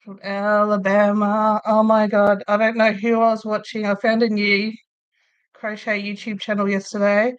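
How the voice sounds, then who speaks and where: A woman's voice: mid-range voice, level tone, moderate pace, clear, resonant tone, highs cut off. An Australian woman hosting a crochet livestream from a room at home, chatting casually and rambling, with frequent laughs. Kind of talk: casual chat while crocheting.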